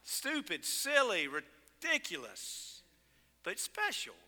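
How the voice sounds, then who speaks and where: A male pastor delivers a sermon in an animated storytelling manner, punching words with sudden loud emphasis. His voice sits high and sounds very bright and forceful. Long reverb from the sanctuary trails after each phrase. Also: slow pace. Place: church sanctuary.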